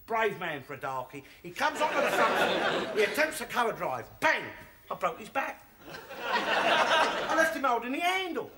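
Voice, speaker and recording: Sitcom role: an older Cockney braggart, shrill and loud, over noisy tape with studio laughs. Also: male voice, very animated, moderate pace, a loud crowd. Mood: boastful. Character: boastful bigoted old working-class Londoner. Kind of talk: sitcom monologue. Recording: sitcom recording with loud background noise and audience laughter.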